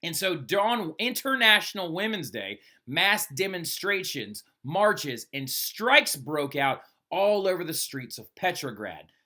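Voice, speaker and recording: A man gives a recorded classroom lecture. His voice is bright and sits a bit high, and his pitch swings widely as he talks. He keeps it conversational and checks in with "right?" after almost every sentence. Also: big pitch swings, slow, few pauses. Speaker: history teacher.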